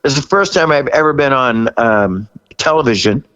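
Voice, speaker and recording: A man in his sixties, a rock singer as a guest, telling a story in a casual interview, laughing often and jumping high when he quotes himself. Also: animated, normal speed, fairly bright tone, dull audio.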